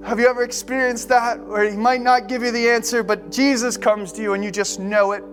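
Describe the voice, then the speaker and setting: A man's voice: extremely high pitch, fairly even intonation, fairly quick, fairly bright tone, faint music behind. A man preaching a sermon as a pastor, impassioned, repeating words as he builds to emphasis. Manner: impassioned, repeats words, voices the disciples' despair.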